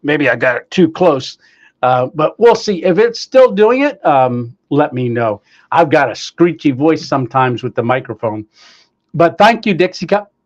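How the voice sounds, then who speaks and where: A man's voice: on the high side, big pitch swings, measured pace, lo-fi sound. Upbeat man hosting a live chat. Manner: upbeat, greets viewers by name, many fillers. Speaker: livestream host. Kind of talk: casual live chat reading viewer comments. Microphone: clip-on microphone, sometimes staticky.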